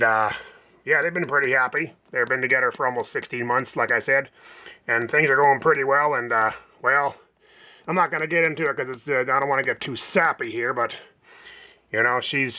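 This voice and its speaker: A man's voice: mid-range voice, pushed and bright. A man voicing a snarky, floppy-armed male puppet host in a homemade comedy vlog, rambling and needling his producer with sarcastic jabs. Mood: chatty.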